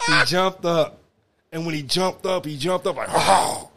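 A man hosting a casual podcast chat, telling stories with animated, laughing reactions. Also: fairly high pitch, normal speed, a crowd in the background. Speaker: podcast host.

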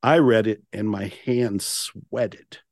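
An older man tells stories on a podcast. His pitch climbs and dips as he acts out his own self-talk and presses on key words. The sound is close and dry. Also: slow, gravelly, no echo. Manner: animated, emphatic, quotes his own inner voice. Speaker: podcast guest, author and speaker. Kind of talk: storytelling in a conversational interview.

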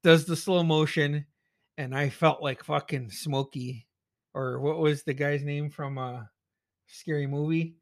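A man recapping a horror movie in casual chat, excitable and profane, acting out his own reactions. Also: on the high side, measured pace, dry recording, studio quality. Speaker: movie reviewer.

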